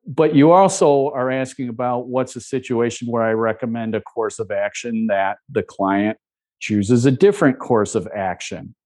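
A man, a former reporter, calmly explaining how he handles press coverage in a conversational interview. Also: medium pitch. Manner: measured, calm, with frequent restarts. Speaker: media relations advisor, former reporter.

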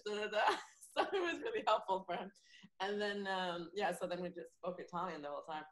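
A woman comedian chats as a podcast guest, spinning lively stories and breaking into laughter. Her voice sits a little low. The room is echoey around her. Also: quick pace. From France. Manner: chatty, laughs often, lively anecdotes. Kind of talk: casual podcast chat.

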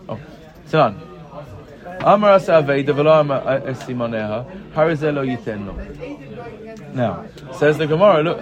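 Chatty man teaching a class. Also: fairly high pitch. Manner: reads the text aloud, then explains it in chatty English with many "right? yeah?" checks. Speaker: Talmud teacher. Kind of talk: chatty text study class. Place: study class with students present. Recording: room with group chatter heard.

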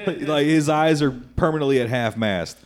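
A man's voice: a little high, moderate pace, slight background noise. A man teasing his friends in a laid-back, filler-heavy way on a comedy podcast. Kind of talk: casual chat.

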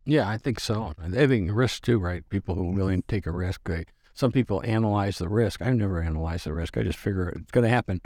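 Man, 60s, podcast guest; low, dry, rambling self-deprecating storyteller. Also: fast talker, hardly any pauses, a little mellow, no echo. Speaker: podcast guest, business founder. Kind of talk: casual storytelling interview.

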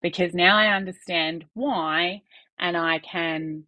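A woman's voice: fairly low pitch, fairly even intonation, takes it slowly, sharp tone, dry recording, muffled recording. A woman, a podcast guest talking candidly in earnest bursts with some restarts.

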